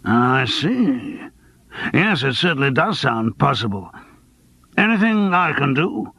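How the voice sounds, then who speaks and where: Man doing a teasing lawyer friend, gravelly, lively and up-and-down, slightly higher voice, dry close sound. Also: slow, dry recording, exaggerated voice. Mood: matter-of-fact. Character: Gerald, worldly male lawyer, old friend. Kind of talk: audiobook character voice.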